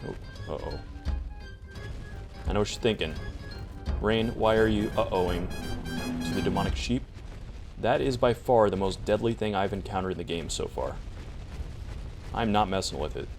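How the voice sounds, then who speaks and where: A man's voice: lowish voice, normal speed, gravelly, pauses often. A man giving casual, chatty commentary while he plays a survival game, talking to himself as he goes. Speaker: gameplay video creator. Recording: music playing behind the voice.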